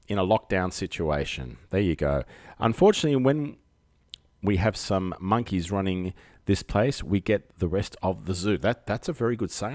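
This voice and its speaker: An Australian man runs his own live-streamed call-in show, rambling through loose, self-mocking banter. His voice sits low but swings up and down a lot. The sound is dry and close, with almost no room around it. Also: no room sound. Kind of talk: casual live-stream chat. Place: outdoors at night under spotlights.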